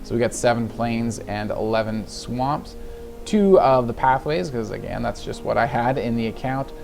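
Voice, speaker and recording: Rambly guy talking through his card game deck, mid pitch, laughs at himself, a bit tired, soft music behind. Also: lively intonation, moderate pace, creaky. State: yawning, a little tired. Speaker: gaming video host. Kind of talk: casual deck walkthrough and gameplay commentary.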